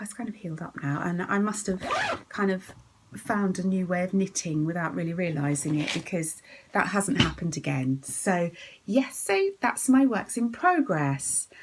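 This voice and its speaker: A middle-aged woman chats through her knitting podcast at an unhurried pace. Her voice is soft and breathy, and she giggles easily and sometimes slips into a whisper. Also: mid-range voice, rough recording. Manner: chatty, giggly, often drops to a soft whisper. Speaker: podcast host. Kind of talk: casual chat about knitting.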